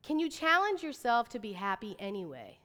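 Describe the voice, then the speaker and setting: Bright-voiced woman giving an upbeat talk. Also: on the high side, moderate pace. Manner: chatty, animated, says "like" and "right?" often. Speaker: motivational speaker. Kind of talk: inspirational talk to an audience. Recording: reverberant hall.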